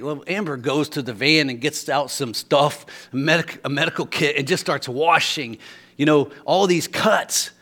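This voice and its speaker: A man's voice: on the high side, moderate pace, fairly bright tone. A man preaching a sermon as a storyteller, often repeating words as he restarts a thought.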